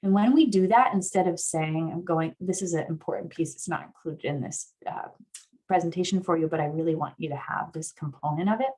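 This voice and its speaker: A woman with a slightly low-pitched voice leads an online therapy workshop. She guides her listeners earnestly through an exercise and often lifts into excited affirmations. She is heard over a video call. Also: brisk, breathy edge. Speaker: somatic therapist guest speaker.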